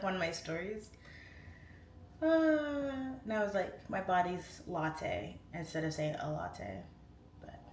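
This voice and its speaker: A woman's voice: fairly low pitch, fairly bright tone. Woman late 30s doing a chill livestream, reads chat, goes off on tangents, echoey room, a bit of hiss. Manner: chatty, laughing, goes off on tangents. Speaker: livestream host. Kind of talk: casual livestream chat reading comments. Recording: roomy echo, faint room noise.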